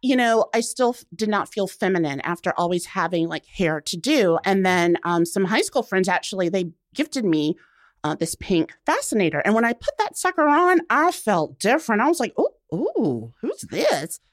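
Lively animated woman guest. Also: medium pitch, normal speed, dry recording, clean studio sound. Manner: animated, laughs often, acts out quotes. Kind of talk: casual interview chat.

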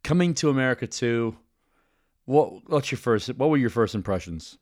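A man's voice: medium pitch, animated, moderate pace, no room sound, clean studio sound. A man hosting a podcast, chatting casually with a playful, jokey manner. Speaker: podcast host. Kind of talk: casual chat.

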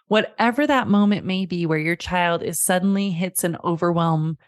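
A woman's voice: fairly low pitch, normal speed, few pauses, no echo, clean studio sound. A woman in her thirties, a parenting coach hosting a podcast, telling a family story and giving earnest advice.

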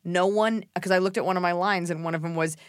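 Young texan woman on a podcast, lowish voice, jokey and rambly, dry sound. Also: level tone, dry recording. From Texas, USA. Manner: quick, jokey, rambling with restarts. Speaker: co-host, actress. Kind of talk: casual podcast chat.

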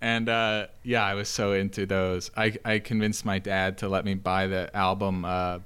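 A man's voice: low voice, flat delivery, normal speed, fairly bright tone, clean tone. A man guesting on a comedy podcast, telling stories in a rambling way full of fillers. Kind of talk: casual comedy chat.

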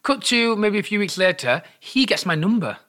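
A young man telling a story in a casual chat, animated, acting out the other people's lines and laughing as he goes. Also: high voice, moderate pace. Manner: animated, acts out quotes, laughs while telling.

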